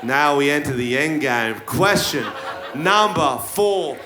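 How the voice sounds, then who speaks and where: Stand-up, high unhurried voice, live in an echoey room with a loud crowd. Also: male voice, expressive, noisy background. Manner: quiz-show delivery, bursts into shouting. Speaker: stand-up comedian. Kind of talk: stand-up comedy routine. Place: live comedy venue. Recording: roomy live venue with crowd. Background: audience laughter.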